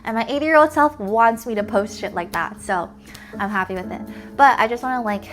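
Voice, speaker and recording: A woman's voice: a little high, brisk. A young woman streamer chatting casually with her viewers, full of "like" fillers and the odd swear, and she sounds tired. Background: faint music.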